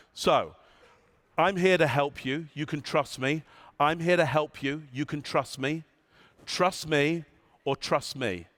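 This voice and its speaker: Man giving a lively keynote. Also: fairly high pitch. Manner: demonstrative, engages the audience, repeats phrases for effect. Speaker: keynote speaker. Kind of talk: conference keynote talk. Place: conference stage before a live audience.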